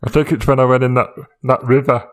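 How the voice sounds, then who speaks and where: A man voicing Lance, a meek young male best friend who is dying, in a comedy improv podcast, halting and stammering. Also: medium pitch, flat delivery, pitched above the performer's own voice, natural voice. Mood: sheepish.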